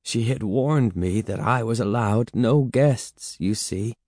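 A man's voice: on the low side, takes it slowly, a little mellow, dry recording, clean studio sound. A man reading a storybook and voicing a frightened, remorseful middle-aged woman held as a servant, who talks in a sorrowful, pleading way. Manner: pleading, sorrowful, then defiant.

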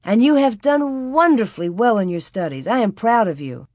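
A woman voicing an earnest, kind young schoolteacher giving gentle encouragement to her pupils. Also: mid-range voice, lively intonation, moderate pace, no echo, close to an everyday voice. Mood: warm surprise.

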